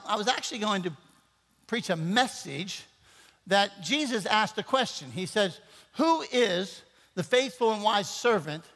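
This man's voice sits high and sounds a bit bright as he preaches as pastor in a church sanctuary. Rambling and playful, he trades jokes with his congregation between points, all echoing with church hall reverb.

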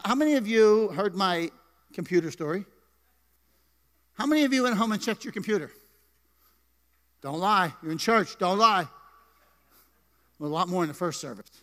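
High-voiced joking pastor in a hall. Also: male voice. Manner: playful, joking banter with the congregation. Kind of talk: sermon. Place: church sanctuary. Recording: live church hall reverb.

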